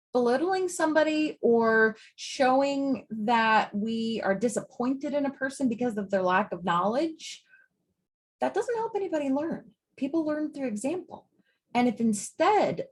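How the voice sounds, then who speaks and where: A woman psychiatrist giving a grand rounds lecture to medical trainees. She speaks in an emphatic, conversational way and often drops in casual "like" asides. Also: fairly high pitch. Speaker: psychiatrist and residency training director.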